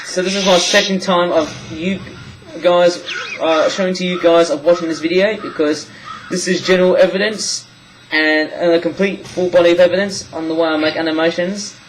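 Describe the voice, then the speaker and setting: Man vlogger, rambling walkthrough, voice sits a bit high. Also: fairly even intonation, moderate pace, slight background noise, low-quality recording. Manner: rambling, with many restarts and apologies. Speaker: animation vlogger. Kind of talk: screen-recorded tutorial chat.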